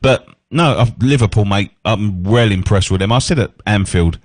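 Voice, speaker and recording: A man's voice: on the low side, moderate pace, no room sound. A man co-hosting a radio show, chatting about football in matey banter. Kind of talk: casual football chat.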